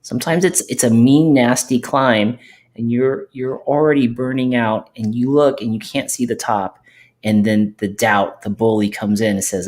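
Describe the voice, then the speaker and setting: A man hosting a podcast, talking in a relaxed, rambling way with plenty of fillers. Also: mid-range voice, normal speed. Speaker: podcast host. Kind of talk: casual podcast chat.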